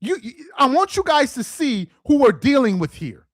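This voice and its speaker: A man hosting a sports rant show, mocking and exasperated, firing off rhetorical questions, tripping over repeated words and rising into shouts. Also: very high-pitched, sing-song, normal speed, no echo, clean studio sound. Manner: stumbles and repeats words when worked up; rises into shouts. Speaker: sports commentator host.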